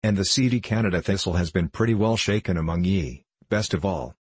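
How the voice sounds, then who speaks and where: A bitter one-legged cynic snaps out his scorn in a deep, husky voice, as a man reads him aloud. He jeers at everyone around him, and the reading sounds dry and close, with no room around it. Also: a little fast, no room sound. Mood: scornful. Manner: snappish, scornful, jeering.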